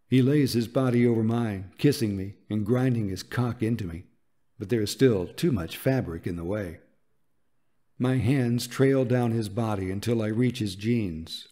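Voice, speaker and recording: A man narrates a romance audiobook in a soft, intimate and unhurried way. His voice sits fairly low, and the tone is dark and mellow.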